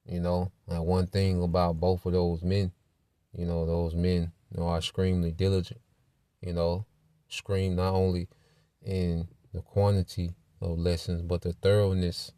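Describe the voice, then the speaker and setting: A man's voice: low voice, little pitch movement, measured pace, dark tone, smooth, dry recording. A man teaching a church Bible lesson in a conversational way, full of "you know" and "man".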